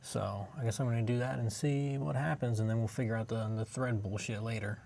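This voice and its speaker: A man's voice: mid-range voice, steady tone, brisk, gravelly, a little mellow, slight background noise. Casual, cursing man in a garage. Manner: casual and profane, trailing off and restarting. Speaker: car owner working on his own car.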